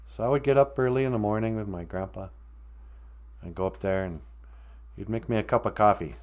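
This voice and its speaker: A man's voice: lowish voice, a little fast, a little mellow. A man hosting a livestream show, telling stories in a rambling, joking way and laughing often. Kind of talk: casual storytelling chat.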